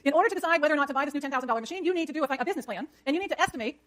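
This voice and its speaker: A woman lecturing an economics class, brisk and jokey, scolding the chatter when it gets too loud. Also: high-pitched, expressive.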